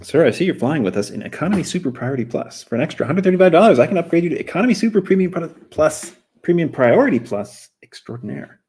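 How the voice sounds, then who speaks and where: A man voicing an overly polite airline agent upselling seat upgrades, with rapid salesy patter. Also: on the high side, sing-song, darkish tone, slightly rough, voice pushed up.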